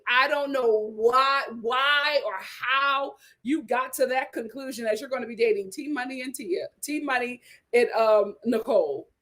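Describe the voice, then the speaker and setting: A woman hosting a reality TV recap, talking in a lively, gossipy way with sudden exclamations and laughter. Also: sits high, a little slow. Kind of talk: casual recap chat.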